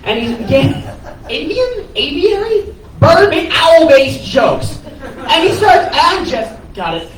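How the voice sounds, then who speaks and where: Guy with a really high voice doing a swear-y comic eulogy, echoey room, mic far off. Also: takes it slowly. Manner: animated and profane, laughing as he tells it. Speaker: stand-up comedian. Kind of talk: comedic eulogy storytelling. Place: comedy cafe stage, live.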